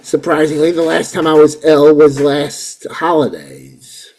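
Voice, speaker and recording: A man in his forties hosting a casual chat show, excitable and rambling, often repeating himself. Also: fairly high pitch, measured pace, gravelly. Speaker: host.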